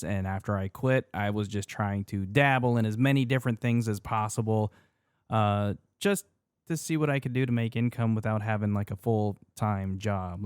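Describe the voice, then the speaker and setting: A man's voice: on the low side, clean tone, no room sound. Dry-sounding male podcast co-host. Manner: animated, laughs at his own rants; fussy about pronunciation. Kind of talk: casual chat.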